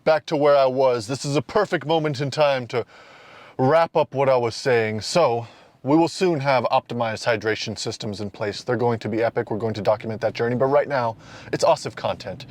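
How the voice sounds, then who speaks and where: A man's voice: mid-range voice, moderate pace, no room sound. A young man talking casually to camera for a fitness vlog, playful and self-mocking, partly from inside a car. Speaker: fitness vlogger.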